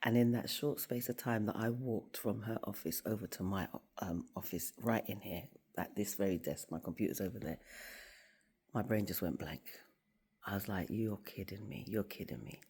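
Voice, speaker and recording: In a bass, slightly rough voice and at moderate speed, a woman tells a story from her office. She works as school staff and vlogs about faith, and her casual motivational talk to camera is animated, with the quoted people's voices acted out.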